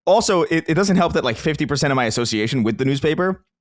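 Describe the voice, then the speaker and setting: A man's voice: a little high, animated, fast talker, no echo, clean studio sound. A man co-hosting a podcast, musing in a laid-back, casual way with some swearing. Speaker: podcast co-host.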